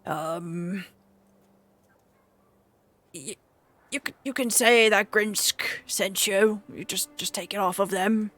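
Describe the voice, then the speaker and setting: A nervous, stammering boat owner who trips over his words as he backs down, at a medium pitch, as a woman puts him on. He tries to sound easygoing while backpedalling. A tabletop game character voice. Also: slow pace, pauses often, fairly bright tone. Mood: flustered.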